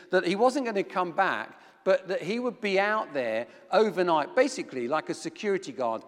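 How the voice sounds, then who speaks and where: A middle-aged man preaching a sermon, telling a personal story with self-deprecating humor. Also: a little high. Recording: long hall reverb.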